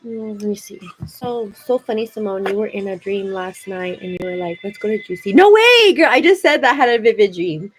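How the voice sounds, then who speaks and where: A woman's voice: medium pitch, expressive, brisk, few pauses, rough recording. A young woman hosting a casual makeup livestream from home, chatting to viewers and calling them girl. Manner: chatty, calls viewers girl, frequent likes. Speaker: beauty livestream host. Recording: soft music under voice.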